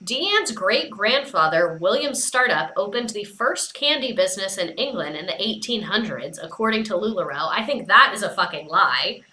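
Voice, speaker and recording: Young female host, bright edgy voice, profane and sarcastic, echoey room. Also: mid-range voice, expressive, normal speed, hardly any pauses. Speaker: commentary host. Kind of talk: casual commentary.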